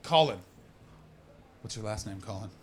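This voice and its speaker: An American man doing stand-up with crowd work, brash and profane, switching between muttered asides and loud rants in a comedy club. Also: lowish voice, expressive, moderate pace, a little hiss or hum.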